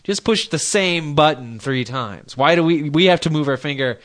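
A man's voice: a little high, moderate pace, a bit bright, no room sound. Rambling jokey man, dry close mic. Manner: rambling, jokey, reads news aloud with asides. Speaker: podcast co-host reading news stories. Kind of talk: casual chat.

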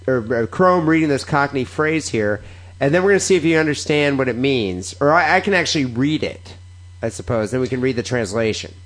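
A male podcast host jokes crudely with his co-host and reads slang phrases aloud, often laughing. His voice sits at an ordinary middle pitch. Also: expressive, fairly quick. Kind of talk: casual podcast banter.

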